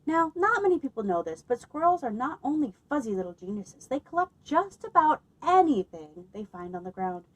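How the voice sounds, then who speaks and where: A woman librarian reading a picture book aloud at children's story time, expressive and lively, pausing to ask her listeners questions. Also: sits high, low-quality recording.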